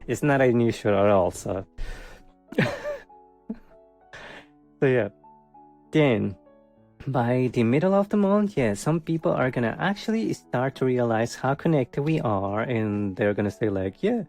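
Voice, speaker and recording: A man's voice: medium pitch, lively intonation, a little slow, pauses often, darkish tone, soft background music. A man giving a casual tarot reading for the month, rambling with many fillers, chuckling often and joking with wry sarcasm. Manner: wry, self-mocking sarcasm. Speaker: tarot reader.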